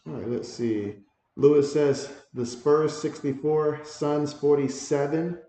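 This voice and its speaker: A man hosting a livestream, giving casual play-by-play commentary and reading viewer comments aloud with excitable reactions. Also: on the high side, slow pace. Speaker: livestream host doing play-by-play. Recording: very echoey room.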